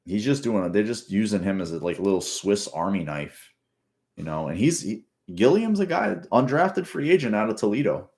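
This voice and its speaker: A man's voice: fairly low pitch, sing-song, normal speed, darkish tone. A man giving casual, rambling, profane commentary while rewatching a football game. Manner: rambling, profane, restarts often. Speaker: sports fan commentator.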